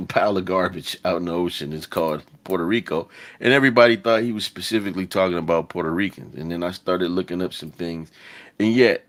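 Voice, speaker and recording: A man co-hosting a podcast in casual chat, telling stories in a profane, animated way with many asides. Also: deep voice. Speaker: podcast co-host.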